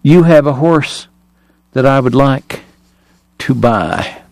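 A man's voice: mid-range voice, lively intonation, takes it slowly, creaky, darkish tone, no room sound. A man voicing a frail, consumptive gambler dentist who speaks in a thready, breathless, courtly way. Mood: weary, courtly.

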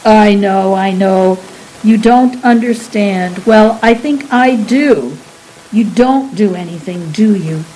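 A woman's voice: medium pitch, slow, warm tone, slight background noise, lightly acted, low-quality recording. A woman voicing a huge, furry male beast who fires off impatient, scolding questions in a storybook reading. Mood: exasperated.

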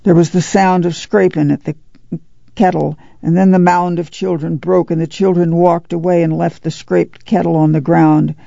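A narrator reading a novel aloud in a measured storytelling manner. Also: mid-range voice, little pitch movement, creaky, warm tone, no echo, muffled recording. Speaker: audiobook narrator. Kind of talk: scripted narration.

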